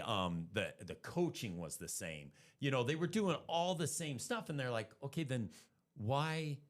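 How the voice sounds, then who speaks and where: A man, a guest on a business podcast, telling stories and acting out his own thoughts as he talks. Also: fairly low pitch. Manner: animated storyteller acting out his own inner voice. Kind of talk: storytelling interview talk.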